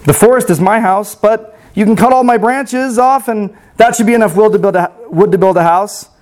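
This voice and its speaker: A man reading as a gentle loving apple tree. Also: sits high, moderate pace, natural voice. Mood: tender. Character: gentle self-giving female apple tree.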